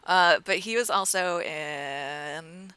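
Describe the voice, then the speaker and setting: A woman's voice: on the low side, slow pace, sharp tone, clean tone, poor audio. A woman co-hosting a podcast, casually recounting facts with frequent ums and uhs. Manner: recounting facts, many "um" and "uh" fillers. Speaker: podcast co-host. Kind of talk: casual chat.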